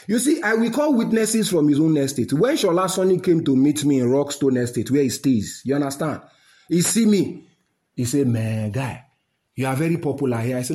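Heated Nigerian man, lively pitch. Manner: heated, repetitive, mixes pidgin and Yoruba. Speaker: website founder addressing listeners. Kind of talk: angry monologue to listeners.

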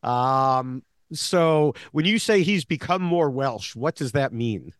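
A man's voice: mid-range voice, animated, takes it slowly, no room sound, clean studio sound. A man co-hosting a podcast, recapping episodes in casual chat with many fillers and restarts. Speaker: podcast co-host, longtime show analyst.

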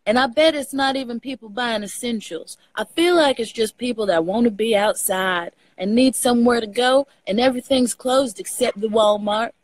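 A young woman with a Texan accent talks as a podcast guest in an animated, easygoing way, laughing often and swearing without fuss. Her voice sits a little high. The sound is dry and close. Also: normal speed, few pauses, dry recording, poor audio. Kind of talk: casual conversation.

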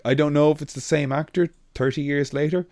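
A man co-hosting a podcast in casual chat, animated and sweary as he rants. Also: fairly high pitch, brisk, no echo. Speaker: podcast co-host.

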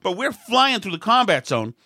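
Bright rambling man telling a story. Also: sits high, sing-song, moderate pace, no echo, clean studio sound. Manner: rambling, self-mocking, restarts and acts out shouting voices. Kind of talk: casual anecdote.

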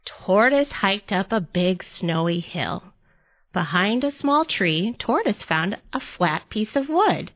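A woman reading a children's picture book aloud for a library storytime, gentle, expressive and unhurried. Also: medium pitch. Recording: slightly dull audio.

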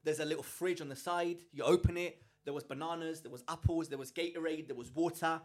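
British guy podcast host, slightly high voice, tells stories all animated, acts out what people said. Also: a little fast. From England. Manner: animated storyteller, acts out quoted people, frequent restarts. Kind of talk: casual chat, storytelling.

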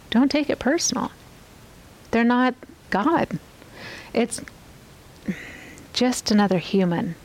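A woman's voice: medium pitch, poor audio. A woman giving an earnest Bible teaching on a podcast, often asking the listener questions.

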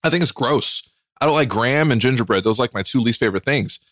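A man's voice: mid-range voice, animated, quick pace, a bit bright, no room sound, clean studio sound. A man co-hosting a podcast, chatting casually with a laughing, self-deprecating manner. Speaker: podcast co-host.

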